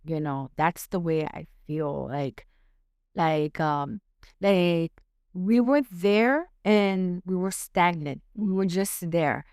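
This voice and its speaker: A middle-aged woman with a somewhat low voice speaks hesitantly, restarting her sentences and reaching for words with "you know" and "um". She sounds like she is in a sincere, casual sit-down talk, close to a dry mic. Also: takes it slowly, a little mellow, smooth, no room sound. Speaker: guest, the host's mother. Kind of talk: casual heartfelt conversation.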